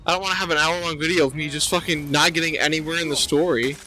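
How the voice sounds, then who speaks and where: A man's voice: a little high, steady tone, fast talker, bright, forceful tone, a little hiss or hum, low-quality recording. A young man giving gameplay commentary, swearing constantly and ranting at the game in exasperation. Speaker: gameplay streamer. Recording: game music behind voice.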